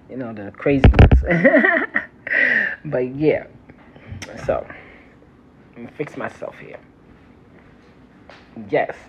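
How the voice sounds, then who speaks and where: A herbalist from New York with a New York accent, chatting casually on a phone live stream, laughing often and calling the viewers y'all. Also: mid-range voice. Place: city home near a train line. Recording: slightly muffled with faint city noise. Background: faint trains and street sounds.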